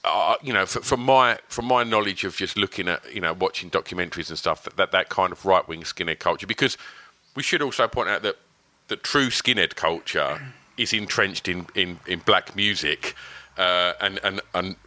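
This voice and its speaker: A man's voice: low-pitched, moderate pace, pushed and bright, no echo. A man hosting a podcast in a casual interview, speaking hesitantly with many restarts. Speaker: podcast host.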